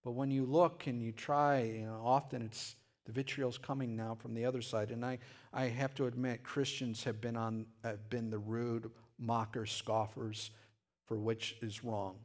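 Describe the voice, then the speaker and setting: A man preaching a sermon in a conversational way, often restarting phrases and now and then breaking into loud shouted lines. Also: mid-range voice, flat delivery, moderate pace. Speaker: pastor.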